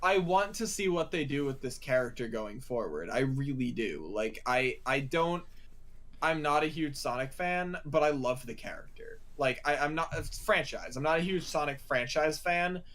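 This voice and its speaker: A man's voice: on the high side, expressive, moderate pace, fairly bright tone. A young man co-hosting a casual movie chat podcast, rambling and swearing freely. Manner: rambling, swears freely, does silly voices. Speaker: podcast co-host.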